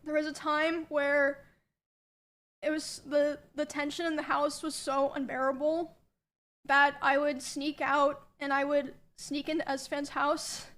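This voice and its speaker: A young woman quietly recounting a painful past experience, hesitant, with many pauses. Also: high-pitched, level tone. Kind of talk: personal account of a painful past.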